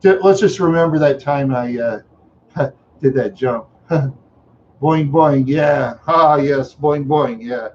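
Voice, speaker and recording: A man's voice: mid-range voice, takes it slowly, darkish tone, a little hiss or hum. A middle-aged man from Minneapolis on a live stream, telling rambling stories with chuckles and mouth sound effects. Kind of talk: rambling storytelling. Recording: dull lo-fi recording.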